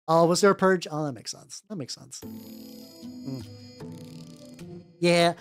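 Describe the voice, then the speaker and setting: A woman's voice: fairly low pitch, takes it slowly, long pauses. A woman VTuber chatting casually on a live stream while she paints miniatures, rambling with many fillers and self-interruptions, with what she calls a nerdy voice. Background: faint background music.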